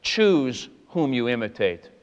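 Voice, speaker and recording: A man preaching a sermon, earnest and emphatic, with stressed words that rise in pitch. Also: very animated, slow pace, clear, resonant tone, long reverb tail. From Boston. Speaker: pastor.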